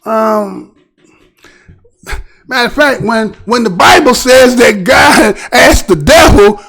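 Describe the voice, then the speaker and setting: A male show host delivers commentary on a news clip in a very high voice that swings widely up and down. His tone is gravelly and full of fry, and he keeps pressing his point with rhetorical questions in a preachy, animated manner. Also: slow, pauses often.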